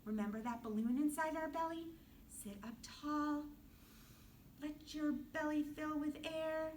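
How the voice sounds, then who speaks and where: A woman guides children through yoga with slightly raised pitch and a slow, gentle, playful delivery, drifting into a soft hush for rest. She sounds set back from the mic in an indoor room, with faint noise behind her. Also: fairly even intonation, recorded from a distance, poor audio. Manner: gentle, playful, sing-song, drops to a soft hush in relaxation. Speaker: kids yoga teacher. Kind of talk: guided kids yoga class.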